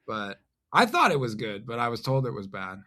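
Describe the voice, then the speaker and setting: A man speaking as a podcast guest in a casual chat. His tone is bright and forward, and his pitch sits in the middle range. He talks haltingly and deadpans his jokes. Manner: halting, deadpan, self-deprecating. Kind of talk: casual conversation.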